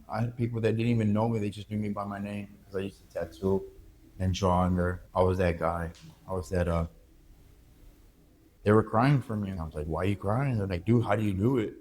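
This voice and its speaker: Low-voiced man telling a raw personal story. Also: steady tone, a little mellow, slight background noise. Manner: candid, halting, reflective storytelling. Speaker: interview guest. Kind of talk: emotional personal interview.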